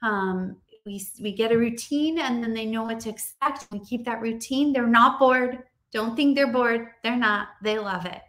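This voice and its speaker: A woman teacher giving a casual, upbeat training talk to other teachers, chatty and lively. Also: on the high side. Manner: upbeat, chatty, acts out classroom dialogue.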